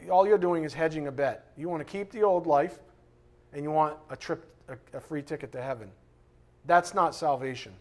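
A high-pitched man preaching an informal sermon in a blunt, fiery way. He swings from loud, punchy bursts to low, quiet asides. When he reads scripture he slows right down and leans on every word. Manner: reads scripture slowly with emphasis.

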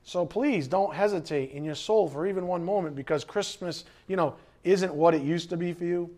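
A middle-aged man preaching a sermon as pastor, animated, acting out quoted voices and sometimes shouting. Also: sits high, moderate pace.

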